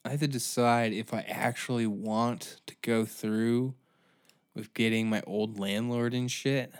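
A podcast host with a steady, medium-pitched voice rants at a measured pace, and the recording sounds clean. His comedic tirade rambles along, packed with constant swearing and exaggerated outbursts.

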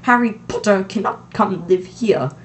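A teenage reader voicing a stern older female witch professor in an amateur audiobook, with sharp, fussy objections. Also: mid-range voice, unhurried, slight background noise, pitched above the performer's own voice, lightly acted. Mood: indignant.

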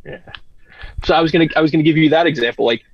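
A man co-hosting a sports chat, quick to jump in and restart his point. His slightly high voice is husky and rushed. His mic sounds dull and lo-fi, with no room around it. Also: dry recording. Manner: eager, jumps in with comparisons, repeats himself. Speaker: podcast co-host.

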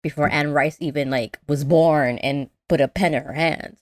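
A woman co-hosting a podcast in casual chat, animated and acting out movie lines in voices. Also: sits low, normal speed, dry recording. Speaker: podcast co-host.

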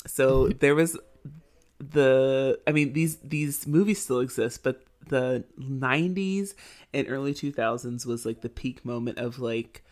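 A woman's voice: rumbling low, a little slow, darkish tone. A young woman co-hosting a podcast, chatting casually in a rambling way with frequent hesitations and giggles. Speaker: podcast co-host. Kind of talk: casual chat.

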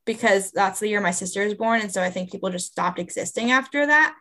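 A woman's voice: on the high side, normal speed, hardly any pauses, pushed and bright. A woman in her twenties co-hosting a book podcast, chatting in a bubbly, self-mocking way. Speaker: podcast co-host. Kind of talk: casual book chat, reading listener emails aloud.

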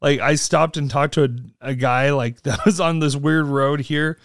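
Animated storytelling man, dry close sound. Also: normal speed, no echo. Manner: animated, acts out quotes with big pitch jumps. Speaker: podcast co-host. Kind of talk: casual storytelling chat.

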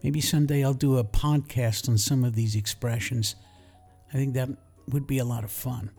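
Mellow-voiced New York teacher. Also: male voice, mid-range voice, steady tone, normal speed, soft background music. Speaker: English teacher and podcast host. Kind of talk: scripted podcast lesson.

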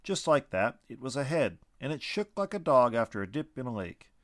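A man narrates a storybook with an animated, expressive reading. His pitch sits mid-range for a man but moves a lot, and the recording is close and dry with no room sound. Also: fairly quick, no room sound.

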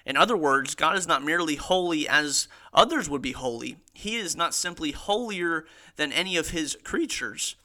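A young man talks through Scripture on his own podcast, earnest and casual, reading quotes aloud with emphasis. His voice is very bright and sits a little high for a man. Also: moderate pace, hardly any pauses. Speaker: podcast host teaching theology. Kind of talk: casual Bible teaching.

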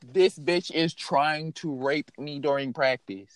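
A young man telling a story in a casual, animated way, swearing freely and filling his speech with "like". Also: on the high side, slow pace, slight background noise. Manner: animated, profane, lots of fillers.

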